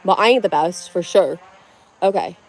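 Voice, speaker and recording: A woman's voice: lowish voice, normal speed. Chatty young woman streaming just after waking. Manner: chatty and rambling, many "like"s and restarts. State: just woke up, dry-lipped. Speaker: live streamer. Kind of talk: casual rambling live-stream chat.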